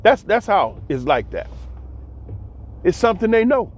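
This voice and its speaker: A man's voice: high voice, very animated, a little slow, dull audio. A man giving a casual spoken commentary, blunt and emphatic, repeating himself and swearing freely. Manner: emphatic, repetitive, blunt and profane. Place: abroad.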